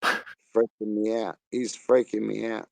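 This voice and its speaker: A man's voice: on the low side, little pitch movement, measured pace, vocal fry, no echo. A man with an Australian accent hosting a casual live chat, crude and rambling, laughing often. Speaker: live stream host.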